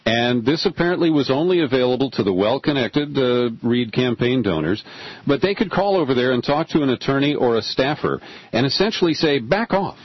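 A man's voice: mid-range voice, animated, fairly quick, husky, no echo, highs cut off. An older man hosting a talk radio show, chatting with a guest in an easygoing, conversational way.

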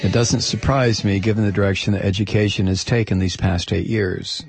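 A man's voice: fairly low pitch, steady tone, a little fast, soft background music. A man hosting a talk show, reading a listener's letter aloud in an emphatic, sarcastic way. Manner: emphatic, sarcastic, stretches key words.

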